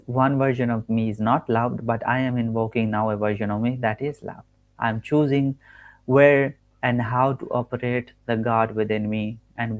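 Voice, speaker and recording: Man, mid-pitched voice, home-recorded teaching talk; earnest, repeats himself, restarts sentences. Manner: earnest, repetitive, restarts and self-corrections. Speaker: manifestation coach. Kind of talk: spoken teaching monologue.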